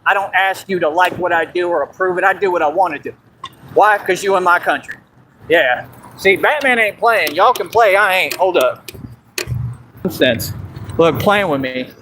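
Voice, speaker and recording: Brash high-voiced man ranting outdoors. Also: normal speed, bright, forceful tone, slight background noise, poor audio. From Texas. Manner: brash, confrontational and boastful. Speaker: livestreamer. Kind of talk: livestream rant. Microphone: phone livestream.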